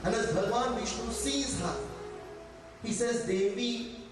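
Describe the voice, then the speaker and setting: Pundit, male, high voice, sermon, echoing hall, music behind. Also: measured pace. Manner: asks the crowd direct questions. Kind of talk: devotional sermon with storytelling. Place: temple. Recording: echoey temple hall, distant mic, music.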